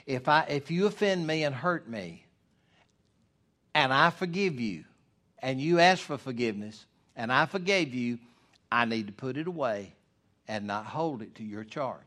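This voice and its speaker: Preacher, loud then hushed. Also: male voice, mid-range voice, expressive, moderate pace. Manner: preacherly, shifts from loud emphasis to hushed asides. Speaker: pastor. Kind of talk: sermon.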